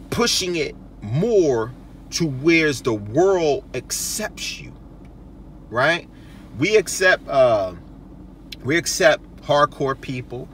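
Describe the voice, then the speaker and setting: Emphatic man giving slow, lively advice. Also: a little high, recorded from a distance, slight background noise. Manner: emphatic, keeps checking in with "okay?" and "right?". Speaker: host. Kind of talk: casual advice monologue.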